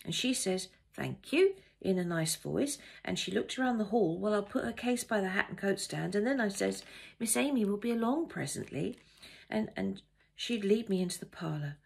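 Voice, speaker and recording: A woman's voice: mid-range voice, animated, normal speed, creaky, husky. A woman reading aloud, voicing a young, fretful, gossipy housemaid in a story. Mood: chattering.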